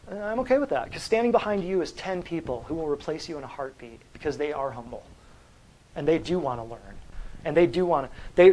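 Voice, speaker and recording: A man's voice: fairly high pitch, a little mellow, poor audio. A man giving a natural health talk to a live audience, blunt and combative, quizzing the room with questions.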